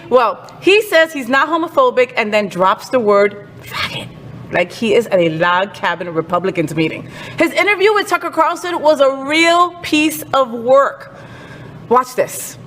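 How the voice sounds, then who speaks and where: A woman's voice: high voice, animated, measured pace, fairly bright tone, in a large hall. A woman hosting a casual entertainment news chat, sassy and outspoken. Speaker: host.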